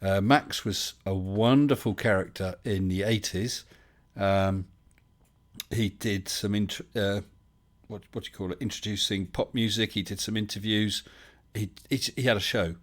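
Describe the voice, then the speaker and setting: A man's voice: lowish voice, steady tone, unhurried. Chatty man hosting a live stream. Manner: rambling and chatty, with many fillers and restarts. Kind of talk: casual live chat reading viewer comments.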